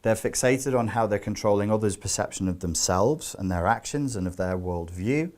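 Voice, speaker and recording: A man's voice: lowish voice, normal speed, a little mellow. A man giving a spoken self-help lecture, emphatic and explanatory, with rhetorical questions and loose conversational asides.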